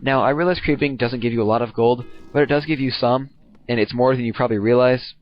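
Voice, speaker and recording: A man's voice: medium pitch, fast, dull audio. A young man casually commenting on his own game replay, rambling, slangy and profane.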